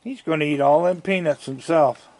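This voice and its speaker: A man with a voice on the high side and a darkish tone talks slowly and gravelly to the raccoons he feeds, chatting fondly with them out on his deck. He's filming his yard on a handheld camera, keeping the talk casual.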